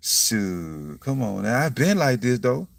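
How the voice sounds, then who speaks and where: A young man musing on faith in a casual, blunt, profane monologue, breaking into loud laughs and saying "you see what I'm saying" again and again. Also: medium pitch, very animated, slow pace, creaky, no room sound. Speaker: self-styled preacher vlogger. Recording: dry, from a distance to the mic.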